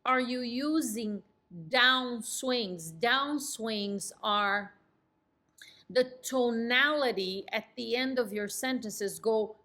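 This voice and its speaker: A middle-aged woman talks straight to camera as a real estate coach. Her voice sits a bit high with a crisp, bright edge. She sounds sure of herself and brings her sentences down at the end. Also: slow. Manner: firm, ends sentences on a falling tone. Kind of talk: direct-to-camera coaching talk.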